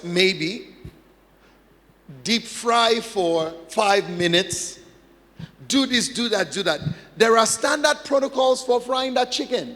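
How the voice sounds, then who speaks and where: Pastor, man, sermon; unhurried, repeats key lines, quizzes the audience, long reverb. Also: high voice, a bit bright. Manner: emphatic, repeats phrases, asks the congregation questions.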